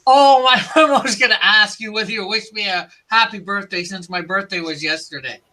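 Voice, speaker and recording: Very bright, high-voiced male stream host. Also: moderate pace, low-quality recording. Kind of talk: casual chat on a live stream.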